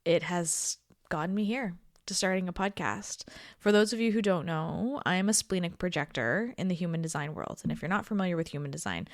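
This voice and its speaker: Woman podcast host, thirties, lowish voice, tired and emotional, confiding, drops to near-whispers, dry close sound. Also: expressive, fairly quick, no echo. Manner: reflective and confiding, drifting into soft near-whispers, laughing often. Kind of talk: casual solo podcast talk.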